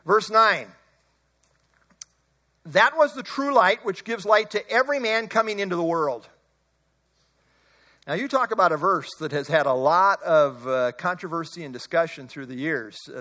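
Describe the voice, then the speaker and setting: Guy preaching a bible sermon, high bright voice, leans hard on key words. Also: lively intonation. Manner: emphatic, rises and slows on key words. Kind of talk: expository sermon.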